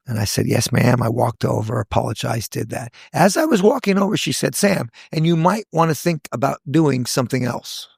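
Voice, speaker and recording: A man in his sixties, a hair educator, telling stories from his career in a lively podcast chat, acting out the voices of people he quotes. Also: medium pitch, fairly quick, creaky, hardly any pauses, breathy edge, no room sound, studio quality. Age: 60s. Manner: animated storyteller, acts out quoted voices. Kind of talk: casual podcast storytelling.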